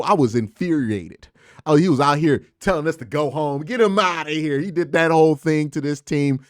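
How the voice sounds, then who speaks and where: A man talks through a basketball game in an excited, casual reaction vlog. His voice sits fairly high, and he punches his points with slang and sound effects. The recording is close and dry. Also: no echo. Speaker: sports commentator vlogger.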